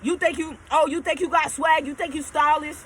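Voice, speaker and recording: A woman's voice: high voice, steady tone, brisk, fairly bright tone, a little hiss or hum. A woman quoting an angry young male coworker in a hostile, dismissive way.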